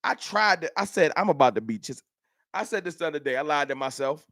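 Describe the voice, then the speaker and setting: A man's voice: on the high side, big pitch swings, fast, fairly bright tone, no room sound, studio quality. A man hosting a casual fan livestream, talking straight to his chat viewers. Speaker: livestream host. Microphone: camera mic.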